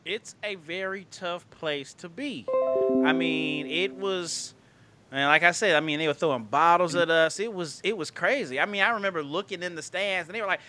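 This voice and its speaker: A man's voice: sits high, normal speed, sharp tone, faint music behind. A man hosting a casual podcast chat, laid-back and leaning on conversational fillers. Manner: laid-back, leans on "you know what I'm saying".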